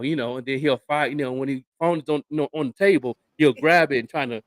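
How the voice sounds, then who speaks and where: A man's voice: on the high side, a little fast, few pauses. An older man and radio show host, telling stories in casual chat, laughing often. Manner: animated storyteller, laughing often.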